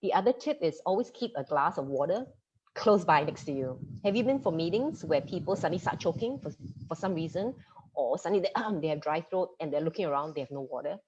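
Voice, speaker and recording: A woman media coach from Singapore giving an online masterclass, talking fast and lively and laughing easily. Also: deep voice, slight background noise. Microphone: computer mic on a video call. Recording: dull lo-fi video-call audio.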